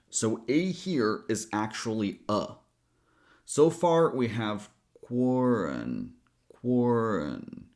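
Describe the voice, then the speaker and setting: Slow, lively-voiced male pronunciation coach. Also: mid-range voice. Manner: slow, drawn-out demonstration of sounds. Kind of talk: pronunciation lesson.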